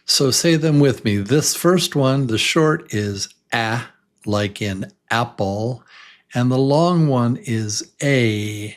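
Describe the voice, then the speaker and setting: A man teaching a beginner English lesson, enthusiastic and repeating words slowly for learners to say along with him. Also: mid-range voice.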